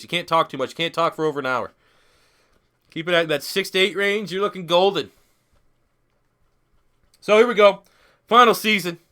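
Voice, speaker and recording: With a high, pushed, bright voice, a young man in his twenties offers casual live-stream commentary on a football video game. He's a gaming YouTuber who's had a few beers, and his talk is rambling, crude and joking.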